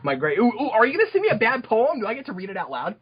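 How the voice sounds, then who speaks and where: A young man chatting casually on a podcast, halting with many fillers and restarts. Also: very high voice, huge pitch swings, husky, lo-fi sound. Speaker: podcast guest.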